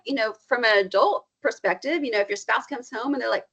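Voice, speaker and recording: A woman counselor talking casually on a podcast, animated and explaining, often leaping up in pitch to act out what she quotes. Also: fast talker. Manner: animated, acts out quoted feelings with big pitch jumps. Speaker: counselor guest. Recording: slightly dull lo-fi sound.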